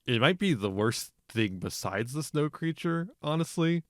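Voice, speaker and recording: A man co-hosting a casual film podcast, animated, swearing often and laughing a lot. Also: on the high side, normal speed, no room sound, studio quality. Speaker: podcast co-host. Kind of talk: casual comedic film discussion.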